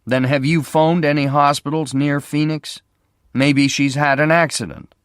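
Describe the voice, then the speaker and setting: A man reading a story, voicing a protective young shop owner who speaks softly and directly. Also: a little high, fairly even intonation, a little slow, clear, resonant tone, no echo, studio quality, voice pushed up, natural voice. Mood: concerned. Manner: soft, direct.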